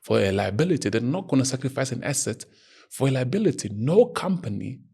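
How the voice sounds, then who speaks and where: A man's voice: medium pitch, sing-song, a little fast, gravelly, warm tone, slightly rough. A man hosting his own show, giving earnest, emphatic opinion commentary and arguing his point. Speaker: podcast host.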